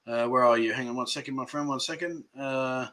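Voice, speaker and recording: A man's voice: mid-range voice, fairly even intonation, fairly quick, a bit bright. A man hosting a casual livestream, chatting and joking as he reads out viewer comments, often laughing at his own jokes. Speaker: livestream host.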